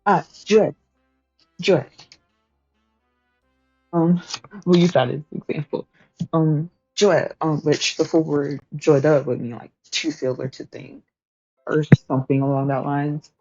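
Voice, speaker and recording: A woman with a low, mellow voice teaches her stream chat in a loose, chatty way, full of fillers, laughs and the odd swear. Her speech is slow. The sound is dry and a bit dull, with faint music underneath. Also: steady tone, no echo. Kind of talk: casual study-stream teaching.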